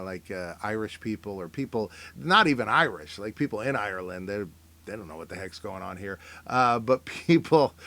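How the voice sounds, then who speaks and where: A middle-aged man riffing casually on memes, rambling and wry, filling pauses with "uh" and sometimes slipping into mock voices. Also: fairly low pitch, fairly bright tone. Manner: rambling, wry, self-interrupting with fillers; mock voices for people he quotes. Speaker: comedian reacting to memes. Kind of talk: casual comic commentary.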